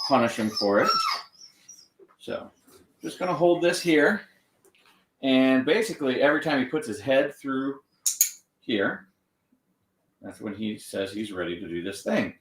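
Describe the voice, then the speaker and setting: A man training a dog on camera, gently encouraging it and explaining each step. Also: mid-range voice, far from the mic. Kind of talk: live training demonstration with explanation. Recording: echoey room, off-mic, faint noise.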